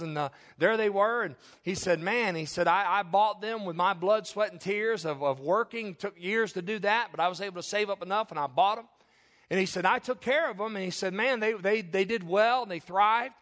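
High-voiced man preaching a sermon. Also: a bit bright. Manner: impassioned preaching with emphatic repetition.

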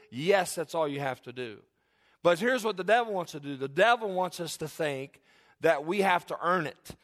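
A man's voice: on the high side, lively intonation, normal speed, fairly bright tone. A middle-aged male pastor preaching a sermon earnestly, with folksy asides and frequent restarts. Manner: folksy, joking asides to the congregation.

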